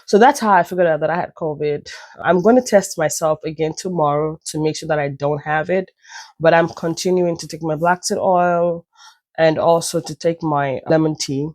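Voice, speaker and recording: A woman's voice: sits low, moderate pace, a little mellow, no echo, studio quality. Chatty woman with a stuffy nose. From Nigeria. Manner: chatty, self-deprecating, meandering asides. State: stuffy nose, occasional cough. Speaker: vlogger. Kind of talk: casual storytelling vlog.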